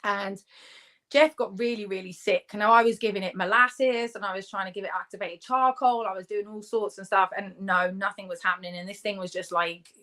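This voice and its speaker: Brief: woman from the UK as an interview guest, mid-pitched, chatty, laughs through her stories. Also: fairly even intonation, a little fast, sharp tone. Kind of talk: casual interview storytelling.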